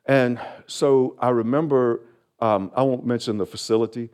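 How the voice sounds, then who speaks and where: Male pastor, earnest sermon delivery, mid-pitched voice, repeats lines for emphasis. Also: steady tone, normal speed, darkish tone. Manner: earnest, repeats a phrase for emphasis, chuckles often.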